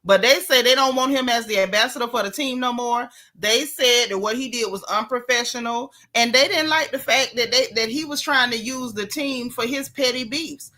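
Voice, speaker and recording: A woman with a bright, sharp voice dishes celebrity gossip in a casual, sassy way. She talks straight to her viewers, calling them y'all and reading their chat comments as she goes. Her tone is frank and playful. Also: on the high side. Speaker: gossip channel host.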